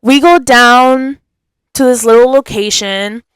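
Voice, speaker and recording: A woman's voice: on the high side, slow, clean tone, dry recording. Chatty young woman telling stories. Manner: animated, chatty, acts out quotes. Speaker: podcast host. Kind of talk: casual storytelling.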